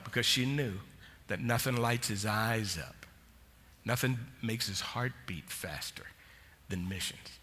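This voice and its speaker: A man's voice: fairly low pitch, unhurried, sharp tone. A male senior pastor preaching a sermon, telling a personal story with feeling and closing in prayer. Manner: emotional storytelling, ends in prayer. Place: church sanctuary. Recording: long church hall reverb.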